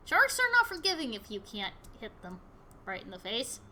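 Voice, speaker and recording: Brief: animated woman, higher bright voice, casual let's-play commentary. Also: moderate pace, slight background noise. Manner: chatty, excitable, yelps at the game. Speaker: gaming video host.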